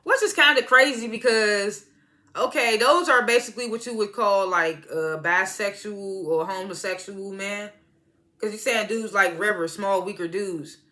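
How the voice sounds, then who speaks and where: A woman reviewing TV talks at a moderate pace in a medium-pitched, bright, forceful voice. In her easygoing episode recap, she quotes the scenes in different voices and laughs a lot.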